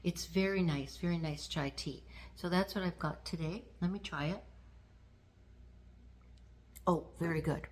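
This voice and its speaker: A woman in her sixties from Canada, hosting her own vlog and talking to the camera in a gentle, unhurried way with fillers. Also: lowish voice, slight background noise. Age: 60s. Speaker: vlog host. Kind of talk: casual talk to camera.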